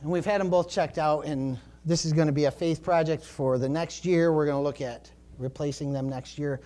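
A male pastor preaching a sermon, swinging from low, quiet emphasis to fervent shouts and often saying praise the Lord. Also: steady tone, moderate pace. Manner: rising to fervent shouting when stirred, dropping low for emphasis; peppers talk with praise the Lord and glory to God.

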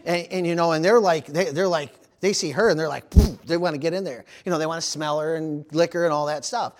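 A man pastor preaching a sermon, telling animated stories and calling out "amen" and "praise the Lord". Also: fairly high pitch, a little fast. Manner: animated storytelling with amens and praise interjections.

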